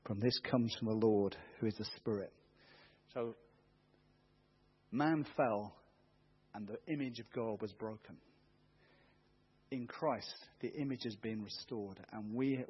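In a dull, muffled church recording, a middle-aged man preaches with earnest, rousing energy, quoting scripture with rising force. His husky, fairly low voice is unhurried and broken by long pauses.

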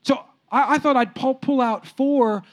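Pastor guy preaching, really high voice, tells stories and talks right at the crowd. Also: a little slow. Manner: animated storytelling preacher, talks to the room directly. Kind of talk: sermon.

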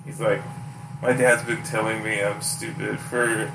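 A man chatting as a podcast host, animated and quick to laugh, acting out other people's lines in a raised voice. He sounds far from the mic in an echoey room with steady noise behind him. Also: fairly low pitch, vocal fry. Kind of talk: casual chat and storytelling. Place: house, indoors.

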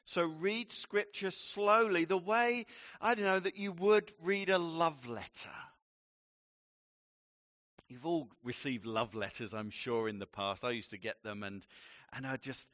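Man, pastor, sermon, unhurried delivery, dry close sound, emphatic and playful. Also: a little high, a bit bright, no echo. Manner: slow, emphatic teaching with playful asides.

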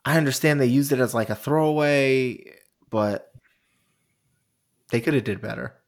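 A man's voice: medium pitch, normal speed. A man co-hosting a podcast, retelling events in a rambling, giggly way. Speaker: podcast co-host. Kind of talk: casual wrestling chat.

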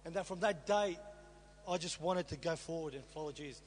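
High-voiced man preaching in a hall. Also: fairly quick. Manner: storytelling with rhetorical questions to the congregation. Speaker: preacher sharing his testimony. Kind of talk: sermon testimony. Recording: reverberant hall with faint hum.

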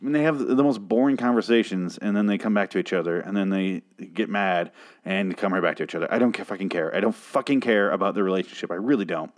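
A hoarse man reviewing a TV episode in a casual, rambling way, swearing and restarting his sentences in exasperation. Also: low voice, fast talker.

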